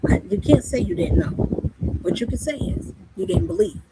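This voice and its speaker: A woman's voice: mid-range voice, expressive, a little fast. A woman preaching fervently in a monologue, pressing her listeners with rhetorical questions. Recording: loud background noise.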